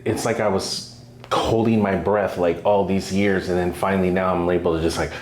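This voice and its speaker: A man's voice: deep voice, level tone, normal speed, darkish tone, echoey room, slight background noise. A man in his forties, a patient, talking casually and reflectively with frequent laughs. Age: 40s. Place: treatment room.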